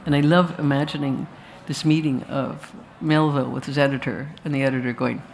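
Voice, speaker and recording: A woman with a very deep, slightly mellow voice speaks a little fast with fairly even intonation, over slight background noise. She's a filmmaker addressing a festival audience after a screening of her film, rambling through anecdotes with restarts and asides.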